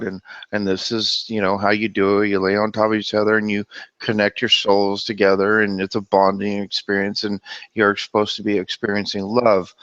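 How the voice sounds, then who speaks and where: A low-voiced man hosts a casual livestream about the Bible, talking in an animated, exclamatory way. His voice comes through dull and lo-fi, with a dry, close sound. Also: no echo. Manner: animated, exclamatory, quick to laugh. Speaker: livestream host.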